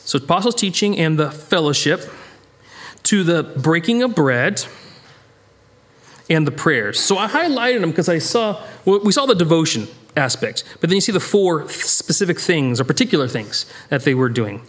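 An American man leading a Bible study, talking it through casually with lots of restarts and sudden bursts of emphasis. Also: normal speed. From United States. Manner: animated, rambling, self-interrupting, jumps in pitch for emphasis. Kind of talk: conversational Bible teaching.

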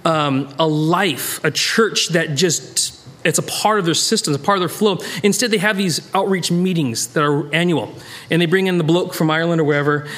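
An American man leading a Bible study, talking it through casually with lots of restarts and sudden bursts of emphasis. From United States. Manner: animated, rambling, self-interrupting, jumps in pitch for emphasis. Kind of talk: conversational Bible teaching.

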